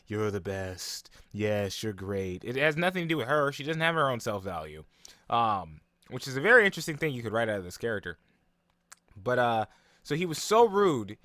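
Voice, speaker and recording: A young man talks through an anime episode in a loose, rambling way, full of "um" and "like." His voice is bright and forward, recorded close and dry, at a middle pitch. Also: dry recording. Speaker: anime reaction vlogger. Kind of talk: casual reaction and analysis.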